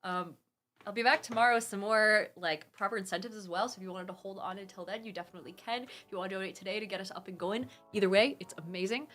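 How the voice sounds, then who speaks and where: A young woman hosting a charity live stream, reading out donations and chatting with bubbly, gushing excitement from her home computer. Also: mid-range voice, fast, faint music behind. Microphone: desktop streaming mic.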